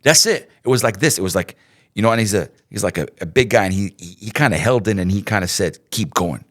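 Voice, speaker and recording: Middle-aged man, low voice, animated storyteller, repeats words, casual interview. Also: quick pace. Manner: animated, repeats himself, acts out quotes. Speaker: radio host, interview guest.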